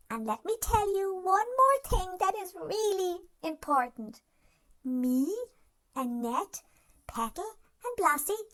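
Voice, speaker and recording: Someone voicing a high, lively, gentle wise dog. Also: full character voice. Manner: soothing, reassuring, speaks to the listener directly. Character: gentle caring wise dog giving life advice. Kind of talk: scripted self-help narration.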